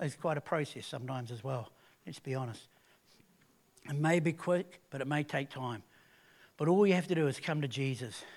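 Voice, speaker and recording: A man preaching a sermon as pastor, earnest and conversational, with restarts and rising swells of emphasis. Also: fairly high pitch.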